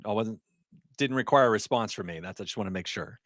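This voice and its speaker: A man's voice: fairly low pitch, quick pace, no echo, clean studio sound. Chatty middle-aged man on a livestream. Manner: chatty, reads chat aloud, laughs often. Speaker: livestream host, ER nurse. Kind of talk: casual livestream chat.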